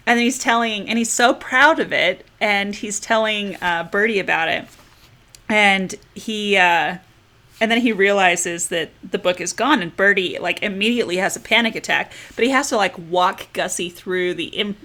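A woman with a bright, forward voice talks through a funny novel with friends. She is lively and chatty, and often slips into put-on voices for the passages she reads out. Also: mid-range voice, normal speed. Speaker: book club member. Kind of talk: casual book chat.

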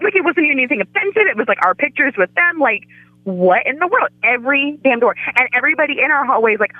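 A woman's voice: high voice, expressive, fast, dry recording, phone-quality sound. A woman guest on a podcast, telling a story in casual chat and acting out the quoted voices.

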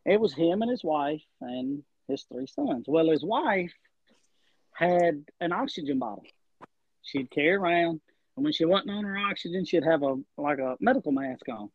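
A wrestler appearing as a podcast guest tells a long, rambling story with plenty of animation, acting out the quotes as he goes. His voice is a little high and his pace moderate, with no room sound, and the audio is dull and lo-fi.

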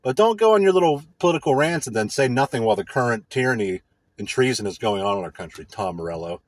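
A man hosting a podcast rants in a casual, profane monologue, mocking people he dislikes. His voice is husky and his pitch swings widely. The sound is dry and close. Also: expressive, quick pace, no echo. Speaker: podcast host.

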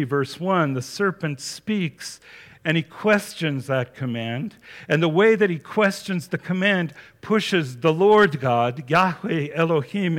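Man preaching a sermon. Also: a little high. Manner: reads scripture aloud, then explains with emphasis.

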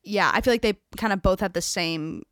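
A woman's voice: mid-range voice, fairly quick, a bit bright, no room sound, studio quality. A young woman co-hosting a podcast in casual chat, often laughing and quoting scenes. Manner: giggly, quotes scenes in bursts of laughter. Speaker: podcast co-host.

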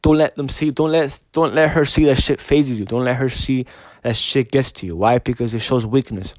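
A man's voice: mid-range voice, normal speed, a little mellow, no room sound. Blunt, profane man talking off the cuff. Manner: repetitive, profane, keeps asking "you know what I mean"; blunt and insistent, restarts sentences often. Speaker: podcast host giving dating advice. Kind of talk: casual unscripted monologue.

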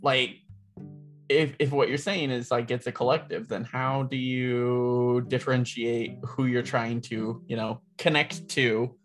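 A woman's voice: extremely low pitch, fairly even intonation, unhurried, soft background music. A woman co-hosting a podcast, asking questions in a teasing, playful way. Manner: teasing, questioning, laughs often. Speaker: co-host. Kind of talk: casual podcast chat.

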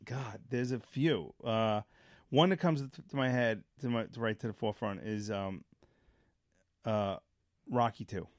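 An unhurried, fairly low-pitched middle-aged man co-hosts a relaxed podcast chat, recorded dry with clean studio sound. He rambles through stories with many restarts, animatedly performing the movie lines he quotes.

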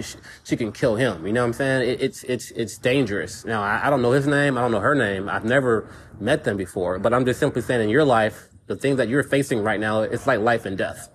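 A man with a medium-pitched voice hosts a casual solo podcast, with a little hiss or hum in the background. He rambles and repeats words as he talks things through, often saying "you know what I'm saying."

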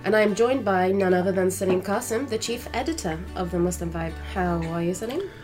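A woman's voice: medium pitch, expressive, a little fast. Woman podcast host, chatty and teasing, faint music under her. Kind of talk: casual podcast chat.

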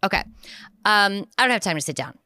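Chatty bright-voiced woman podcast host. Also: mid-range voice, animated, a little fast, dry recording, studio quality. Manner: chatty, rambling, jokey with silly voices. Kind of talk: casual chat.

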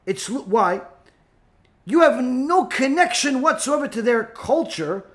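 A high-pitched male rabbi talks through an informal lecture in a loose, rambling way, full of "you know" and "uh". When he presses a point he turns blunt and scolding, repeating himself for force. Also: expressive, unhurried. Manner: rambling, with many fillers, rising to emphatic scolding. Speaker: rabbi and teacher.

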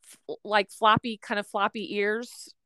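A woman hosts a podcast in a relaxed, chatty way, asking friendly questions with plenty of fillers. Her voice sits at a middle pitch, recorded dry and close. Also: a little slow, dry recording. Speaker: podcast host. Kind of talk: casual interview chat.

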